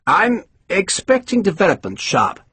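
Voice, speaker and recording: A man's voice: sits high, huge pitch swings, measured pace, sharp tone, slightly rough, no room sound, pitched above the performer's own voice, full character voice. A man doing a pompous, snappish army colonel. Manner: pompous and condescending, silky then irritable.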